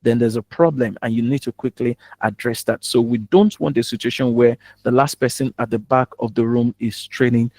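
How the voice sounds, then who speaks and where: A man's voice: medium pitch, steady tone, normal speed, few pauses, darkish tone, no room sound. A man with a Nigerian accent coaching on public speaking, in a teasing, humorous and direct way. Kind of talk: spoken teaching talk.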